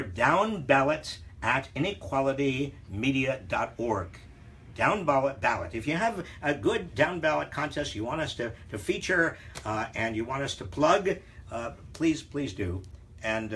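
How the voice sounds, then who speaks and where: An older man hosting a live Q&A show, talking in a halting, conversational way with many fillers and some wry, teasing humor. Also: a little high, fairly bright tone, a little hiss or hum. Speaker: host answering viewer questions.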